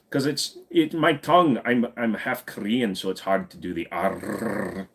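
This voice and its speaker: A man's voice: on the low side, unhurried, vocal fry, fairly bright tone, husky. A man hosting a casual live stream, answering viewer questions and slipping into silly voices.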